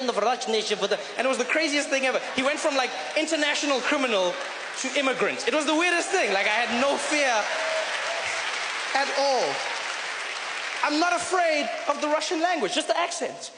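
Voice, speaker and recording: A man doing a stand-up comedy routine on a theater stage, animated and storytelling, with jumps in pitch for emphasis. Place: theater stage, live audience. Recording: reverberant live theater with audience noise.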